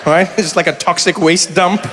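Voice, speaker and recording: A man in his forties from South Africa doing stand-up and crowd work, animated and acting out little voices as he talks, laughing along with the room. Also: sits high, a little fast, big-room sound, background noise. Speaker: comedian. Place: comedy venue with a live audience.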